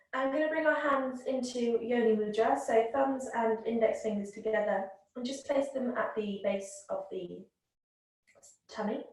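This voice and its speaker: A woman with a slightly high voice teaches a yoga class, guiding the breath in a calm, gentle and unhurried way. Her voice comes from a distance in a very echoey room.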